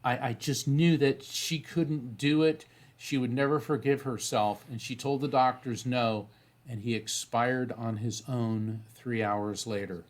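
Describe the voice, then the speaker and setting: A man interviewed as a psychic medium tells a story animatedly, often restarting phrases. His voice is medium-pitched and a little slow.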